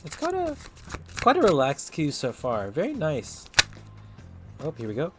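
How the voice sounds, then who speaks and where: A man's voice: fairly high pitch, huge pitch swings, unhurried, noisy background. A man giving a casual tarot reading on a live stream, chatting loosely and directly with his viewers. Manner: chatty, talks straight to chat viewers, loose and upbeat.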